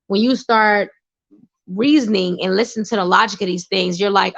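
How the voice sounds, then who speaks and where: A woman talks straight to the camera, emphatic and preachy, hammering her points home by repeating them. Her voice sits at an ordinary middle pitch. The recording is dull and lo-fi, with the highs rolled off. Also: fairly even intonation, normal speed. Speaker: vlogger sharing personal advice. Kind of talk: casual spoken monologue.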